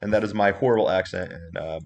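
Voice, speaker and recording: Chatty, animated male livestream host. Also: low voice, fast talker, slight background noise. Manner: animated, chatty, laughs easily. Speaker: host and coach. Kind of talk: casual livestream chat.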